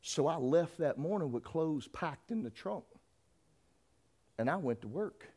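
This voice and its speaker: A man preaching a sermon and telling his own story. He talks straight to the congregation and moves between quiet storytelling and shouted preaching. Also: fairly high pitch, lively intonation, measured pace. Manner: addresses the congregation directly. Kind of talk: sermon with personal testimony.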